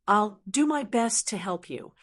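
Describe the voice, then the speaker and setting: A woman voicing an older male cultivator, a senior brother who speaks gently and supportively. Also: medium pitch, expressive, a little slow.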